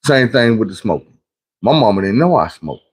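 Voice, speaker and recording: A man hosting a livestream, telling stories in a casual, preachy way, full of cursing, swinging between loud bursts and low mutters. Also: very animated, fairly quick, husky. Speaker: livestream host. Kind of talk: casual livestream monologue and storytelling.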